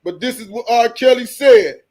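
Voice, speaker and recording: A man's voice: very high-pitched, normal speed, darkish tone. A man hosting a live stream, talking casually in a loose, joking manner and often breaking into laughter.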